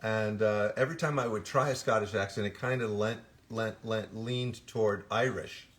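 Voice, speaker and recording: Older man, low voice, rambling anecdotes. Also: moderate pace, fairly bright tone, slight background noise. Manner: rambling anecdotes with frequent restarts and self-corrections. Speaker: voice actor guest at an autograph signing. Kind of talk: casual Q&A chat.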